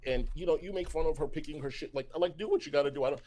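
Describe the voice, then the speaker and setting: A man's voice: fairly high pitch, very fast, dark tone. A man in a replayed YouTube clip, talking defiantly and repeating himself. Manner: defiant, repetitive. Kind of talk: clip of a defensive YouTube rant.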